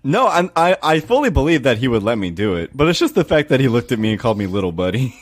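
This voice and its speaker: A man with a mid-range voice that moves a lot in pitch, trading stories on a casual podcast. His talk is chatty and full of laughing banter. The recording is dry and close. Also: very animated, fast talker, no room sound. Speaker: podcast co-host.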